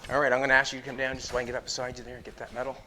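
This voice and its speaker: A man's voice: mid-range voice, flat delivery, very fast, sharp tone, a little hiss or hum. A middle-aged man building a car in his garage, rambling and thinking aloud to the camera as he fits and tacks metal. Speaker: car builder and show host. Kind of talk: casual shop talk while working. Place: garage workshop.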